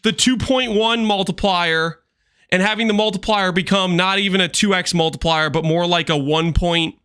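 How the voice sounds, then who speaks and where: A man streaming a game, chatting with viewers in an animated, teasing way with quick asides. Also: high-pitched, clean tone. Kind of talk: livestream chat with viewers.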